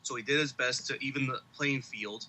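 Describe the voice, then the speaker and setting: Podcast guy with a really sharp forceful voice, jumps in to argue. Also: medium pitch, a little fast, a little hiss or hum, low-quality recording. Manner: argumentative, interjecting. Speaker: podcast co-host. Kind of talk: casual chat.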